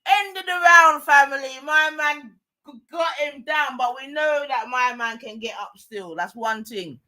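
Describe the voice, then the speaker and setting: A young woman, giving excitable, slang-heavy live commentary on a fight and shouting often. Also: sits high, measured pace. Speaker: watch-along streamer.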